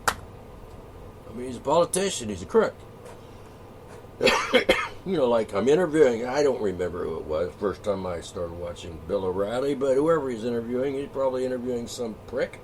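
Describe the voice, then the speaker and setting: A man's voice: mid-range voice, lively intonation, a little fast, darkish tone. A man hosting his own monologue channel, ranting in a profane, combative and mocking way. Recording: distant mic, faint background noise.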